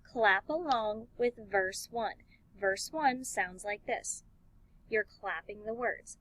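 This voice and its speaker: A woman music teacher giving an elementary music lesson, talking slowly and clearly and encouraging the class. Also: mid-range voice, background noise. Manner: slow, clear, encouraging teacher talk with sung and chanted examples.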